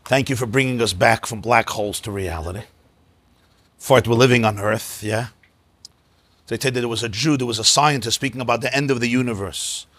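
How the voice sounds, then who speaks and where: Male rabbi lecturing in a synagogue; bright, husky tone, emphatic, repeats key words, sprinkles in Hebrew and Yiddish. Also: medium pitch, brisk, dry recording. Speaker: rabbi teaching a class. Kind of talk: lecture on mystical texts.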